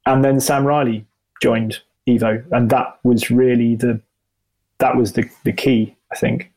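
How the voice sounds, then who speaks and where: A man's voice: mid-range voice, level tone, measured pace, darkish tone, low-quality recording. A middle-aged man, a motoring journalist, answering interview questions in a rambling, self-deprecating way with many restarts. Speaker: motoring journalist and video presenter.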